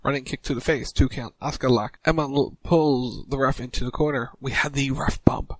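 A man co-hosting a casual podcast, recapping wrestling moves in quick play-by-play style. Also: fairly even intonation, no room sound, low-quality recording. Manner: rapid recap, mimics crowd chants in a higher voice.

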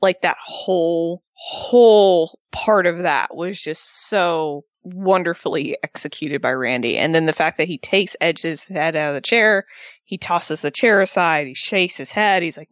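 A woman co-hosting a casual recap chat, animated and sarcastic, with excited outbursts. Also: fairly low pitch, a little slow, no room sound, lo-fi sound.

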